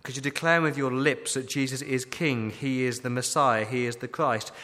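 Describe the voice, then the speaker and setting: A man's voice: medium pitch, steady tone, moderate pace, sharp tone. A man preaching a sermon as pastor, emphatic, asking repeated rhetorical questions. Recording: long hall reverb.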